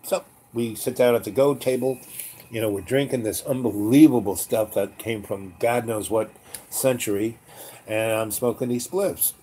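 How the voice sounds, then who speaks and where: A man's voice: medium pitch, moderate pace, dark tone, slight background noise. A man casually retelling a dream, rambling with lots of fillers and chuckling asides. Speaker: storyteller.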